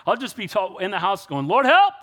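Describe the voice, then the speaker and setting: A man's voice: high voice, expressive, fairly quick, slightly rough. A man preaching a sermon in an emphatic way, often calling out for an amen. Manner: emphatic, rising to loud exclamations and call-and-response. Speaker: pastor.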